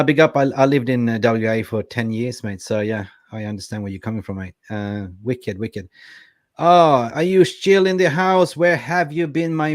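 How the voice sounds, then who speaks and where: Male fan-show co-host, young adult, low voice, lively chat-reader, dry mic. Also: no echo. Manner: lively, reads viewer comments aloud. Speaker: co-host reading live chat. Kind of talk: casual football fan chat.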